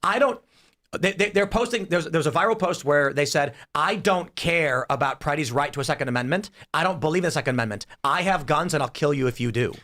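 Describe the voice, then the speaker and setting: A man's voice: fairly high pitch, fairly quick. A man hosting a political panel podcast, talking through hypotheticals and acting out the voices in them. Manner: animated, acts out voices in hypotheticals. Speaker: podcast host.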